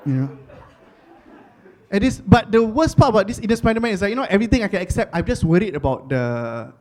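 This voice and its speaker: This young Singaporean comic talks fast in a high voice with a Singaporean accent. His stand-up relies on animated storytelling and Singlish phrasing.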